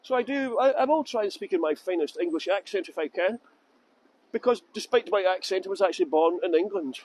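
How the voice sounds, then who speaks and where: A man with a high voice leads a live walking tour through the streets. He talks into a handheld phone, laughs often and chats with viewers as he goes. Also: lively intonation, a little fast, darkish tone, low-quality recording. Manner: chatty, jokey, laughs often, answers viewer comments. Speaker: tour guide. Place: outdoors on city streets.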